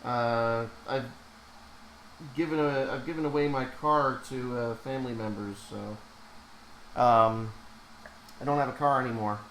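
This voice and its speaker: A man's voice: medium pitch, steady tone, measured pace, pauses often, a bit bright, a little hiss or hum, rough recording. A man who has a cold, chatting casually while streaming live as an animator and reacting to his chat.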